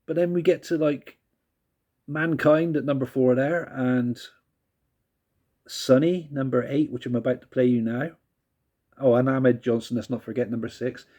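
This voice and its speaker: A man reviewing music tracks in a loose, chatty way. He rambles through asides, laughs often, and drops casual swearing, all at an ordinary mid pitch. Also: fairly even intonation, normal speed, pauses often, mellow.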